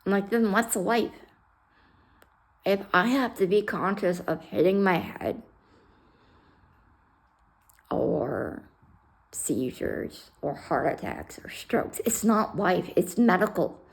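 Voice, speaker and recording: Gravelly, blunt woman telling her story. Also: medium pitch, expressive, takes it slowly, long pauses. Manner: blunt and candid, swears, mixes humor with raw emotion; retells scenes by acting out both sides of conversations. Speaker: retired fire rescue worker. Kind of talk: casual personal storytelling vlog.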